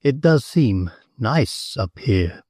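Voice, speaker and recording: A man's voice: mid-range voice, big pitch swings, slow, darkish tone, dry recording, studio quality. A man voicing a big, blunt American gambler with an abrupt, muttering manner, in an audiobook. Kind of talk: audiobook character voice.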